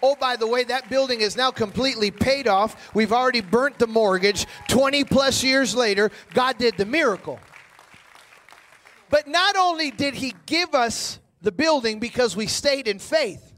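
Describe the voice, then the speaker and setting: A man preaching a sermon, telling a story and acting out dialogue in an animated way. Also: extremely high pitch, moderate pace, a faint crowd.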